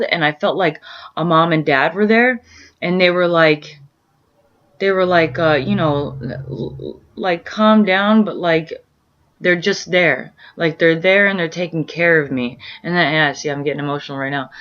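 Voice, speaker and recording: A woman at home talking casually in a meandering, earnest way, full of fillers and restarts as she searches for words. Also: low-pitched. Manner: earnest, introspective musing. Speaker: vlogger sharing spiritual experiences. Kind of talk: casual rambling monologue. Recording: muffled lo-fi audio.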